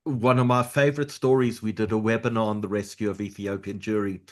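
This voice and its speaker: A man's voice: lowish voice, little pitch movement, fairly quick, darkish tone. Man hosting an interview. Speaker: host.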